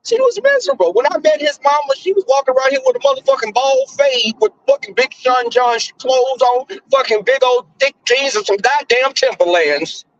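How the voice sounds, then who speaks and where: A man hosting a casual commentary chat, telling stories in a profane, animated way. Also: very high-pitched, moderate pace, hardly any pauses, lo-fi sound.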